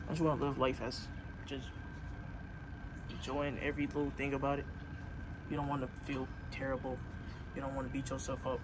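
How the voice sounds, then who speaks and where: Young man giving a loud outdoor pep talk. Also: medium pitch, monotone, moderate pace, pauses often, a little hiss or hum. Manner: earnest, repetitive, rising to loud urging. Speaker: vlogger. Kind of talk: casual motivational pep talk to camera.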